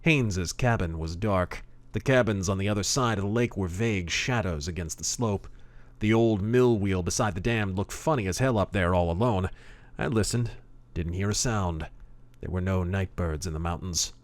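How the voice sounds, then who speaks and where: A man narrating a hard-boiled pulp story in the first person, gruff and deadpan. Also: deep voice, moderate pace, dry recording. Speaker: audiobook narrator.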